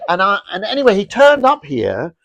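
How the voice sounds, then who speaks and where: Gravelly man telling stories. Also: high-pitched, moderate pace, no room sound. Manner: rambling, animated anecdotes with many restarts. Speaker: fashion brand founder, guest. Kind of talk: casual interview storytelling.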